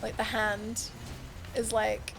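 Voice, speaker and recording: A woman's voice: fairly high pitch, completely flat delivery, takes it slowly, gravelly, over music. A woman streaming a video game, chatting with viewers and thinking aloud as she plays, often laughing and gasping. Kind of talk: live gameplay commentary chatting with viewers.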